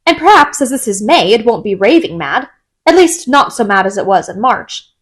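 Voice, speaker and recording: A woman's voice: a little high, very animated, normal speed. A woman voicing a polite, curious young girl in a storybook reading, earnest and a little timid.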